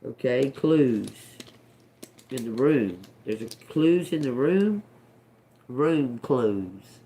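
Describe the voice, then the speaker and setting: A woman gives a live-stream tarot reading, talking casually and with plenty of profanity, laughing often and trailing off into restarts. Her voice is a rumbling low, mellow, and extremely slow, yet her intonation stays lively.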